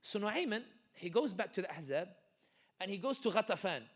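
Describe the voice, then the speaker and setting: A man giving an animated, joking community talk full of stories and quick asides. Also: high voice. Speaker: guest speaker. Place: community center hall.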